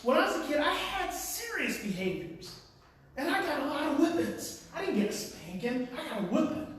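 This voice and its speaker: A man giving an impassioned talk to parents. He speaks emphatically, repeats his phrases and swings from quiet to loud. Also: extremely high pitch. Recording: very echoey room, far from the mic.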